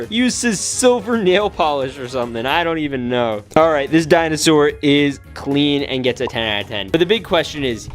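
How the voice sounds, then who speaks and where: Excitable young man unboxing toys. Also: on the high side, moderate pace, few pauses. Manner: excitable, jokey, talks to toys and viewers. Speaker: toy unboxing YouTuber. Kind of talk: excited casual unboxing commentary. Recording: soft music bed under voice. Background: soft background music.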